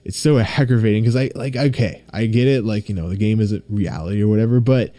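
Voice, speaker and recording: A young man hosting his own podcast, chatting casually and excitably, rambling and swearing freely. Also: fairly low pitch, fast, dry recording, studio quality. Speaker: podcast host. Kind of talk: casual solo podcast chat.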